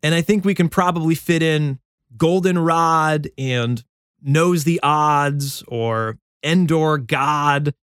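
A man hosting his own songwriting show, thinking aloud about a new song in a relaxed, self-deprecating way. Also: fairly high pitch, takes it slowly, clear, resonant tone, no echo, clean studio sound. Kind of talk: casual talk about songwriting. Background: guitar playing.

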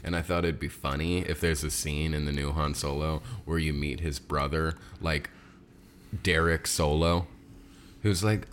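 A man's voice: very deep voice, steady tone, unhurried, a little hiss or hum. A man co-hosting a podcast in casual chat, teasing his partner and riffing on jokes. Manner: joking, teasing, riffing on bits. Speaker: podcast co-host.

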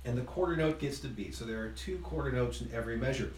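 A man giving an instrument lesson, counting beats aloud in an encouraging, relaxed way while he plays. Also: mid-range voice, quick pace, reverberant. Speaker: music teacher.

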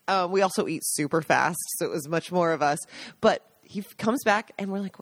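A middle-aged woman co-hosting a casual chat, telling stories in a lively way and laughing often. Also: medium pitch, brisk, no room sound. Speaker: co-host.

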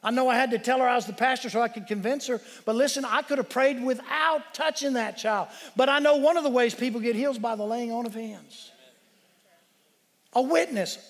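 A man preaching a sermon as pastor, telling a story with emphatic shouted peaks. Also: very high voice, fairly quick. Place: church sanctuary. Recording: long reverb of a church hall.

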